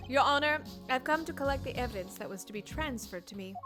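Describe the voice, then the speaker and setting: A woman's voice: a little high, animated, lightly acted. A woman voicing a poised, formal male prosecutor in a fan voice acting of a game, polite and a little stiff. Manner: polite, measured, slightly stiff. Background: game music.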